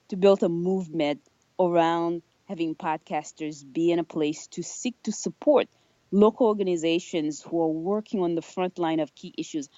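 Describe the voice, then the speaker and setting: A woman's voice: fairly low pitch, dark tone, no echo, muffled recording. Middle-aged woman, podcast guest, reflective and earnest, dry close sound. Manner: earnest, reflective, rhetorical "right?" tags. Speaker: podcast guest, nonprofit leader. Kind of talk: casual podcast conversation.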